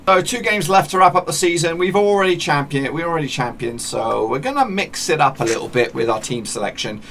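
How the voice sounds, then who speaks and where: A gaming YouTuber with a creaky, slightly bright mid-range voice chats through a football management game session. He narrates the matches like a commentator and often corrects himself, with a little hiss or hum in the recording.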